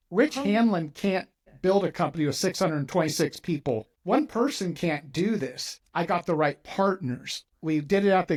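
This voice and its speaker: A middle-aged man hosting an interview, telling a long personal story and acting out the dialogue in it. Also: high voice. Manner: animated storyteller, acts out quoted dialogue. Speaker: podcast host, mortgage company owner.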